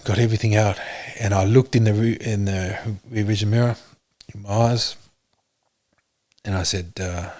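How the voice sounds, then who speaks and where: A man, a podcast guest, telling his story in an earnest, halting way with many fillers. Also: on the low side, fairly even intonation, a little mellow. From Australia. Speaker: podcast guest, police officer. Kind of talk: casual interview talk.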